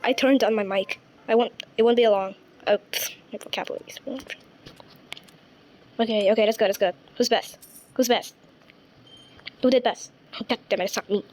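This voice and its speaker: A woman's voice: a little high, fairly even intonation, fairly quick, pauses often, darkish tone, a little hiss or hum, poor audio. A woman playing a game and chatting to herself, jumpy and squealing when scared. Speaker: gamer playing a horror game. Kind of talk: casual gameplay commentary.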